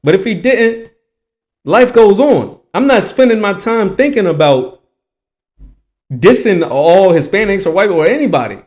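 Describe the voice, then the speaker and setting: A man's voice: high voice, expressive, a little slow, a little mellow. A man hosting a reaction commentary, talking in an emphatic, preachy, repetitive way. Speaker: commentary host.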